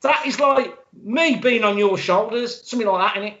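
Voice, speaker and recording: A man co-hosting a casual film podcast, excitable and quick to exclaim. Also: sits high. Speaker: podcast co-host. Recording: dull lo-fi sound.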